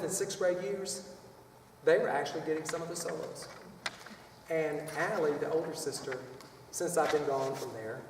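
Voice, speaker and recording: A man's voice: on the high side, recorded from a distance, noisy background. Chatty man teaching in echoey hall. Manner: chatty, rambling, with playful vocal demos. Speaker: children's choir clinician. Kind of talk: music workshop lesson.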